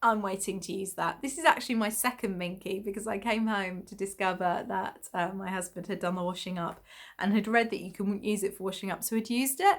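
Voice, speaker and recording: A podcast host from Essex, England, speaks in a mid-range voice at a slightly quick clip. Her talk is relaxed and wandering, filled with ums and small laughs.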